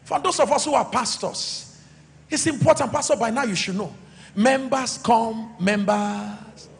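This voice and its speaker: High-pitched Nigerian preacher in echoing hall. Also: male voice, a little slow, creaky. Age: middle-aged. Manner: preaching with call-and-response, sudden shouts then soft asides. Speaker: pastor. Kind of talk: sermon.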